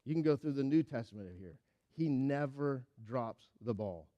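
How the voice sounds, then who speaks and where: A man preaching a sermon, telling a Bible story with lively acted-out voices and then dropping to a quiet, earnest tone. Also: medium pitch, normal speed, dull audio. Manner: animated storytelling, acting out the characters with big swings in loudness; drops to a quiet, earnest tone when applying the lesson. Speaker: pastor.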